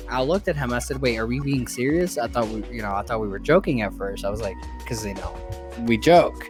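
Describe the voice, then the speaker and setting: Give me a young man co-hosting a casual podcast, telling a rambling, profane story in an excitable way. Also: medium pitch, brisk, over music. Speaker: podcast co-host.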